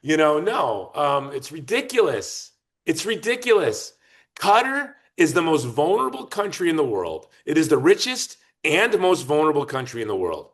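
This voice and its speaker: A man speaks as a podcast guest, forceful and argumentative. His pitch leaps and drops constantly as he presses his points. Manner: emphatic, argumentative, lively and fast-shifting. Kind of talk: animated political talk.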